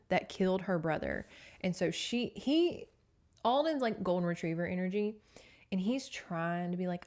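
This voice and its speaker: A woman hosting a podcast, recapping a book in a casual, chatty manner. She swears freely and reacts with animated asides. Her voice sits at an ordinary middle pitch. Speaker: podcast host.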